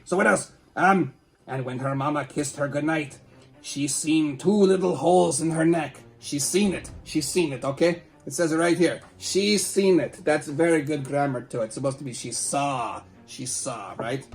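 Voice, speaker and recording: A man's voice: on the high side, a little mellow. A man hosting a comedy show, reading a tabloid article aloud and breaking off with playful, teasing asides to a silent puppet sidekick.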